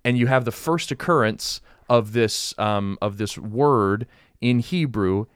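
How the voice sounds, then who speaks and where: A man's voice: medium pitch, measured pace, clean tone, no echo, clean studio sound. A man co-hosting a casual Bible discussion, explaining at length with frequent restarts and asides. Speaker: Bible study co-host.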